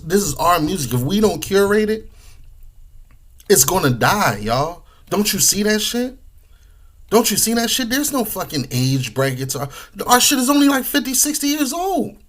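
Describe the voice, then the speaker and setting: A man's voice: high voice, fairly bright tone. A man, talking casually and profanely with lots of slang, eating while he talks. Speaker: podcast host. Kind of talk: casual monologue.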